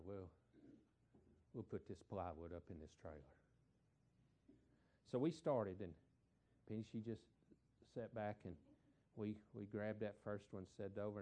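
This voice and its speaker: A middle-aged man, a preacher telling a folksy story in a sermon, repeating words and swelling louder for emphasis. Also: on the low side, moderate pace, pauses often, a little hiss or hum.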